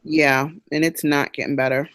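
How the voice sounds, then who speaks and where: A woman's voice: deep voice, level tone, normal speed, fairly bright tone. A woman co-hosting a podcast, chatty and joking, talking expressively. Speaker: podcast co-host. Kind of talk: casual chat.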